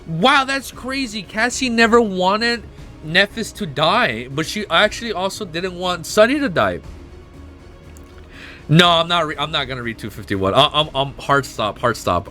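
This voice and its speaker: A man streaming at home, reading a webnovel aloud and reacting with emotional, excitable outbursts full of swearing. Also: on the high side, unhurried, soft background music. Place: at home with his dog.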